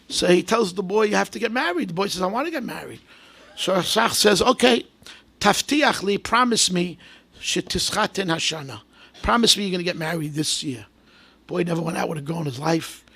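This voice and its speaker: A man's voice: high-pitched, gravelly, sharp tone, slightly rough. A man, a rabbi giving a sermon full of stories, telling them with animation and building to emphatic exhortation. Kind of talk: sermon with storytelling.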